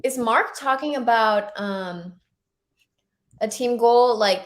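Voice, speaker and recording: A woman's voice: a little high, takes it slowly. A woman co-hosting a live match watchalong, chatting casually and talking to viewers. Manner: chatty, reacts to live scores, addresses viewers. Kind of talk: casual live-stream chat.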